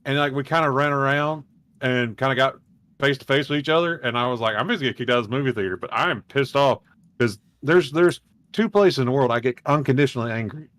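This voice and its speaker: A man's voice: mid-range voice, fast, fairly bright tone, dry recording. A man co-hosting a podcast, telling long, rambling, profane stories in casual chat. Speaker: podcast co-host.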